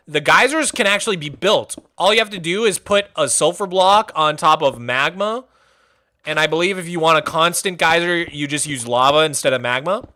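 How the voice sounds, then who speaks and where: Young male streamer, upbeat and jokey, bright voice that swings up and down. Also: a little high. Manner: animated, jokey, chatty, answers chat questions. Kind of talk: casual chat while playing a game.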